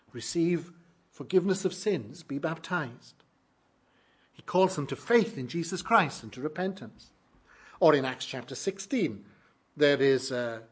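A man's voice: fairly high pitch, a little mellow, husky. A man preaching a sermon, reading scripture and pressing emphatic questions on the congregation. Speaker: pastor.

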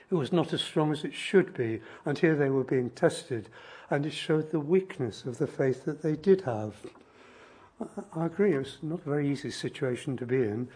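A man preaching a sermon, explaining scripture in a measured, gentle way. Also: mid-range voice, slightly rough.

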